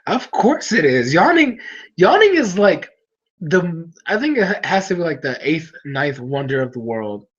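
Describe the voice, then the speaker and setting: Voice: medium pitch, lively intonation, moderate pace, hardly any pauses. A sleepy streamer chats loosely with viewers, voice sitting in a middle range. The talk rambles and often starts over. The recording is dull and lo-fi. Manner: rambling and chatty, with frequent restarts. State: sleepy, yawning. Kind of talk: casual late-night stream chat.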